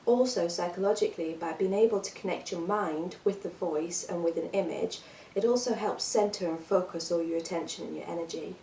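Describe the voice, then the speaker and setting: A woman teaching a singing workshop, talking the listener through breathing and vocal exercises in a calm, encouraging, step-by-step way. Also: fairly low pitch, brisk, reverberant, distant mic, a little hiss or hum, poor audio.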